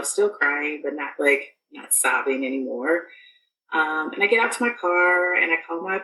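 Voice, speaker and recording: Female podcast guest, low register, halting storyteller with many fillers; distant roomy recording, faint background noise. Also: bright, forceful tone. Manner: rambling, full of fillers and restarts. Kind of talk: casual storytelling.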